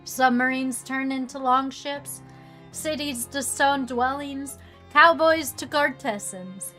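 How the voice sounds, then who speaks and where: A woman's voice: high-pitched, takes it slowly, bright, forceful tone, soft background music. A woman streaming a game, chatting casually and reading narration aloud with dramatic swells.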